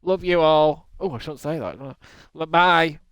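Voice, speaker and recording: A man's voice: on the high side, slow pace, a bit bright, clear, resonant tone, no room sound. A male game streamer chatting at his desk at home, rambling with self-mocking jokey asides as he signs off. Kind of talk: casual stream sign-off chat.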